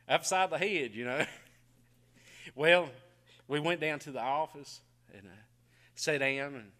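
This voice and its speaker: A middle-aged man preaching a folksy sermon, telling homey stories with frequent chuckles and quiet asides. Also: fairly high pitch.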